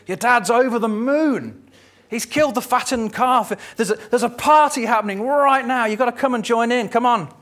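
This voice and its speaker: A man voicing an excited young male servant who eagerly announces news, in a sermon retelling. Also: very high voice, normal speed, voice pushed up.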